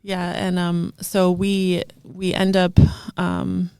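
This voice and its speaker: A woman's voice: fairly low pitch, completely flat delivery, takes it slowly, creaky, a little mellow, clear, resonant tone, no room sound. A woman in her thirties, a guest telling a heartfelt personal testimony in conversation, earnest and full of fillers. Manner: earnest storytelling with frequent fillers.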